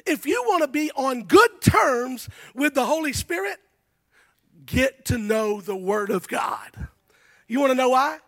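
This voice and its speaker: A man preaching a lively sermon as a guest pastor, often shouting, with stammered restarts. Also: very high voice, measured pace, no echo. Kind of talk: energetic sermon.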